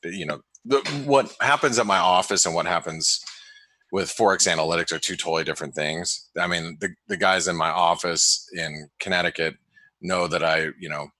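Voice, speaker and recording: Man, webinar host, casual market talk, halting with many fillers, bright tense tone, lowish pitch. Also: no echo. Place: home office in the desert.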